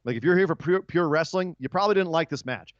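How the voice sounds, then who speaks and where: A man's voice: on the high side, fast talker, no room sound, muffled recording. A man hosting a wrestling podcast, chatting casually and teasing his co-host. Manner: joking, ribbing his co-host.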